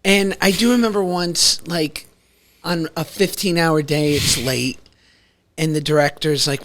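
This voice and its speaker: High voiced guy on a podcast, jokey and wry, quick with a bit. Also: fairly even intonation, a bit bright. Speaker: podcast guest, actor. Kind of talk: casual chat. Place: bar.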